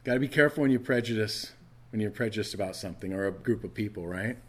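A man's voice: fairly low pitch, fast talker, a bit bright. A middle-aged male pastor preaching a sermon in a conversational way, often restarting his phrases.

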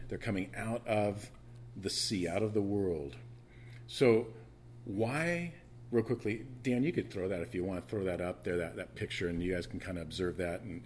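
A man preaching a sermon in a conversational teaching manner, with restarts and asides, who repeats phrases for emphasis and rises into loud, emphatic bursts. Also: on the low side, a little hiss or hum. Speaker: pastor.

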